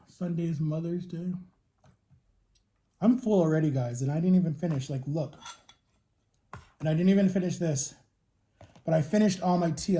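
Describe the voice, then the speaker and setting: A man's voice: on the high side, warm tone. A man in his thirties chatting casually to the camera while he eats, telling long rambling stories about his own life. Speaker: vlogger.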